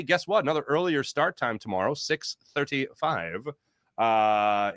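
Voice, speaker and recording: This man, whose voice leans high, runs a laid-back sports podcast livestream and reads the chat aloud. His jokey, animated delivery rambles with frequent restarts, and the recording is dry and studio quality.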